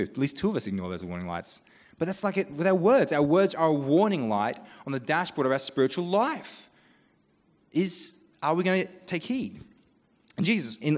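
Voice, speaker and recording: A man with an Australian accent preaches a sermon in a conversational, animated way. He breaks off into quoted asides. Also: mid-range voice. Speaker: pastor. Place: church. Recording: long church reverb.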